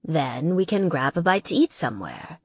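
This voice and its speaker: A woman playing a smooth, coaxing young man. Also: low-pitched, very animated, moderate pace, no room sound, muffled recording, exaggerated voice.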